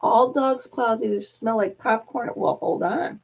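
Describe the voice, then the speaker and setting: A woman's voice: a little high, a little slow, vocal fry, breathy edge. Chatty woman on dull lo-fi audio. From United States. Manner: chatty, laughs often, coos to her dog. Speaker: host. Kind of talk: casual chat.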